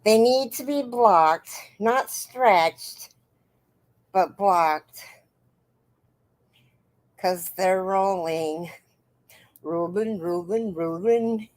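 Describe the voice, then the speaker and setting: A woman's voice: medium pitch, extremely slow, long pauses. A woman hosting a crochet livestream, chatting casually and greeting viewers by name in a sing-song lift. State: out of breath.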